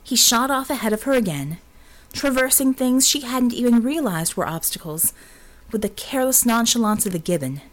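A woman reading a novel aloud as an audiobook narrator, steady and expressive. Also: fairly high pitch, normal speed. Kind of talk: scripted narration.

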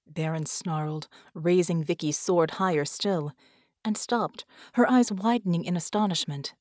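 A woman reading an audiobook in a measured, expressive narration. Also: fairly low pitch, no room sound, clean studio sound. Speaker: audiobook reader. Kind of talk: scripted narration.

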